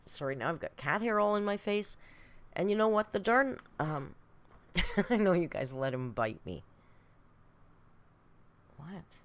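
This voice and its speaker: A woman's voice: on the low side, sing-song, a little slow, pauses often. A woman hosting a casual live reaction stream from home, chatty and laughing as she scolds her cat between remarks. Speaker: reaction channel host.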